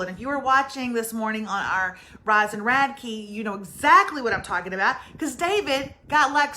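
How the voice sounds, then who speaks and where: Bright, lively woman streaming. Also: high voice. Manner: chatty, teasing, exclaims to viewers. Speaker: livestream host. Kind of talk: casual livestream chat. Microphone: mic in front of her.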